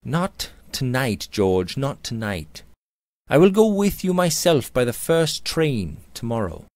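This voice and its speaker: A man reading aloud, voicing a young gentleman who speaks quietly and soothingly to a distressed friend. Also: mid-range voice, big pitch swings, a little slow, no room sound, voice pushed up. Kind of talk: audiobook character reading.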